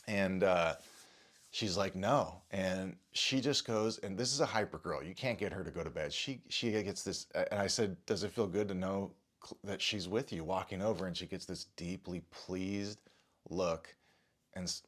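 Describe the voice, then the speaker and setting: A man with a very low voice speaks to camera, visibly shaken. He stammers, restarts his sentences and curses now and then while recounting an experience that unsettled him. He sounds like a father telling the story right after it happened. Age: adult father. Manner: rattled, stammering, restarts and swears. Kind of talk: shaken first-person account to camera.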